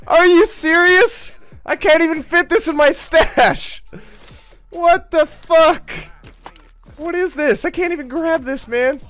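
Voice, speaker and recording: A woman's voice: very high voice, slow, a bit bright, no echo, faint music behind. A woman streaming a shooter game, reacting in disbelief with laughter and swearing. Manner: incredulous, laughing, swears a lot. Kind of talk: live gameplay commentary.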